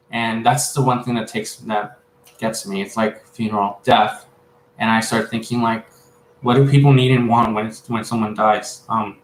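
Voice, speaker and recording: A man's voice: medium pitch, a little hiss or hum. A man giving a casual spiritual reading as a psychic medium. He rambles, halts often, and fills gaps with "um". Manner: rambling, halting, many fillers. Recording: echoey room.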